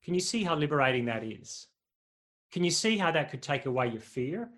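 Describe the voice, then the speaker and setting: A man's voice: fairly high pitch, sing-song, fairly quick, fairly bright tone. A man preaching a sermon, conversational and humorous, often asking the congregation questions.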